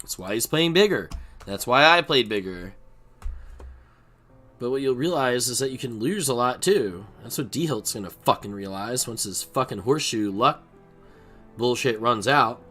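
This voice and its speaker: Profane ranting man, bright forceful voice. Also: mid-range voice, animated, moderate pace, soft background music. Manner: profane, ranting, swings between mutters and shouting. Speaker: poker streamer. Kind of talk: unscripted rant while playing online poker.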